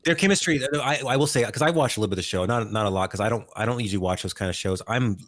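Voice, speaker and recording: A man co-hosting a podcast in casual chat, giving opinions in a measured way and repeating words as he thinks. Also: lowish voice, a bit bright, dry recording. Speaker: podcast co-host.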